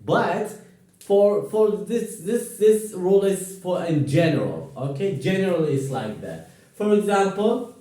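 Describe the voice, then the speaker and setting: A man teaching a grammar lesson to a class, slow and encouraging, repeating words for students to echo. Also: high-pitched, very animated, warm tone. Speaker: English teacher. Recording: echoey room, voice far from mic.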